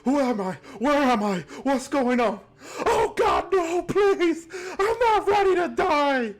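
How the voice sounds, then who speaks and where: A man voicing a panicked soul of a man who has just died, pleading in a frantic, high voice. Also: animated, slow pace, full character voice. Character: panicked newly dead man.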